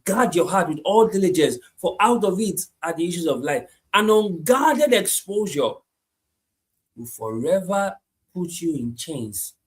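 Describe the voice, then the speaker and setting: A man preaching a sermon, repeating his points emphatically and moving between hushed lines and loud climaxes. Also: a little high, animated, normal speed. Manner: repetitive, emphatic, swings from hushed to shouting.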